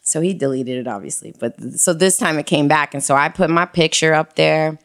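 A woman frankly telling a personal story in casual conversation, animated and full of slang. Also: deep voice, a little fast.

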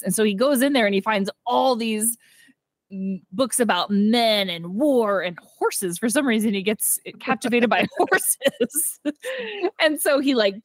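Young woman podcast co-host, animated film recap, quoted voices, dry close sound. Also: a little high, no room sound. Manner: animated retelling with quoted character voices and frequent laughter. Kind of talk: casual movie recap chat.

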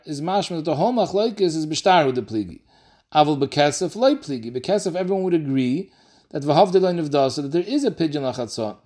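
A man teaching a daily Talmud class, explaining quickly and mixing in Aramaic and Yiddish terms. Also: fairly high pitch, darkish tone.

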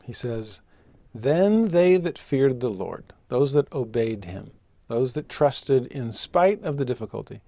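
A man teaching a scripture lesson, telling personal stories with animation and slowing down to read verses solemnly. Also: gravelly, dry recording. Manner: expressive, rises in pitch for rhetorical questions.

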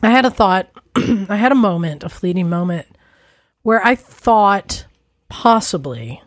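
A woman's voice: medium pitch, lively intonation, a little slow, no room sound, clean studio sound. A woman co-hosting a motorcycle podcast, chatting casually with lots of fillers. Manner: chatty, filler-heavy, upbeat. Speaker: podcast co-host. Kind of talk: casual chat.

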